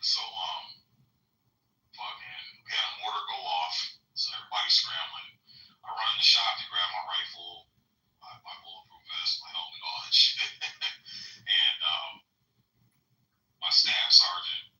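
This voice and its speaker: A man's voice: low-pitched, steady tone, a little slow, pauses often, bright, forceful tone, echoey room, far from the mic, lo-fi sound. A man telling profane, rambling stories in a casual chat.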